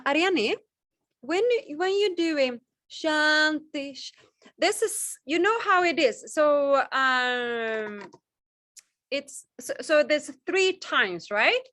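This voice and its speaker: A woman teaching Sanskrit chant pronunciation on a video call, gentle and encouraging, halting with many restarts. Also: high voice, lively intonation, dry recording.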